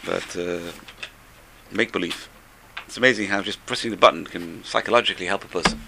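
A man's voice: sits low, fairly quick, vocal fry, noisy background. A man who seems to be a rabbi, giving an informal religious talk full of stories. He is chatty, repeats his phrases and chuckles between points.

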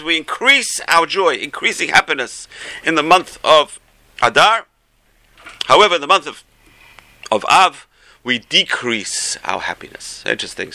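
A man, a rabbi, giving an animated Torah class, telling stories and mixing in Hebrew phrases. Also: on the high side, creaky.

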